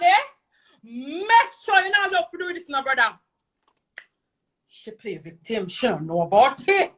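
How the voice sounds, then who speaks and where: A woman's voice: high-pitched, sharp tone. A young Jamaican woman telling a heated story in patois, talking to camera in a vlog. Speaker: social media personality.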